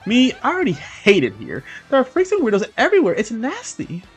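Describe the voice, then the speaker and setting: A man's voice: very high-pitched, wildly swooping pitch, brisk, faint music behind, pitched above the performer's own voice, heavily acted. A man voicing a bubbly young female goomba student with chirpy, gushing chatter. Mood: grossed-out.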